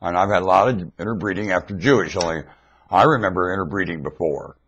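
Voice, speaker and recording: A man recorded on a webcam mic at home, rambling in a monologue that swings between loud outbursts and mumbling. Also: low-pitched, fast, husky, muffled recording.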